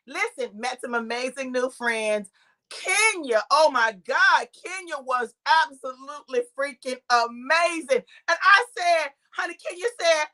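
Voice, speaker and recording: A woman preacher tells a lively, laughing story to viewers she greets by name, acting out the voices of the people in it. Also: high-pitched, unhurried. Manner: talks straight to viewers by name. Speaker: preacher and live-stream host. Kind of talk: lively storytelling to a live online audience.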